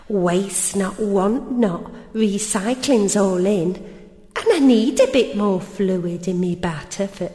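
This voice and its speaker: A woman's voice: mid-range voice, dark tone, lightly acted. A woman voicing a chatty, gossiping woman who runs a village cafe, rattling off cheery rhyming patter and saying "me" for "my". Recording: roomy hall with long reverb.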